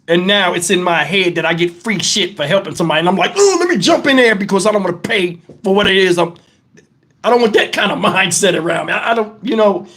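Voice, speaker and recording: A middle-aged man with a notably high voice hosts a casual livestream, speaking bluntly with plenty of profanity. He sounds shaken and worked up, and he keeps turning to talk straight to his chat. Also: a bit bright. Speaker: livestream host.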